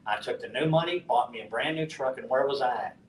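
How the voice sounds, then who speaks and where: Profane man telling a story. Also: brisk. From West Texas. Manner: profane, animated storyteller acting out dialogue. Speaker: conference speaker. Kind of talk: storytelling talk to an audience. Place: conference hall. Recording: roomy, distant mic with faint rumble.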